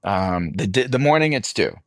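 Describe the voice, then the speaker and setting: A man, an actor guest, telling an animated anecdote in a casual interview and voicing the people in it. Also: lowish voice, moderate pace, dry recording. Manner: animated anecdote telling, voices others in quotes.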